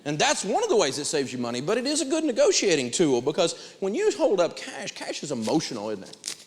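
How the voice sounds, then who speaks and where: A man's voice: on the high side, quick pace, long reverb tail, slight background noise. A man teaching personal finance to a live class, telling a story animatedly and acting out the dialogue. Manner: animated, acts out dialogue, chuckles.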